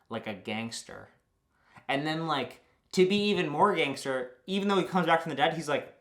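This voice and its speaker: A man's voice: medium pitch, moderate pace, fairly bright tone. A young man, a YouTuber, giving a rambling, joking recap that is full of swearing.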